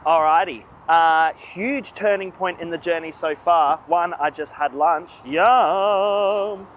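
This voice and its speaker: A tired vlogger on a long walk talks to the camera outdoors by roads, plain and self-mocking, weary from walking. His voice is fairly high in pitch with a steady tone, and he speaks a little slowly.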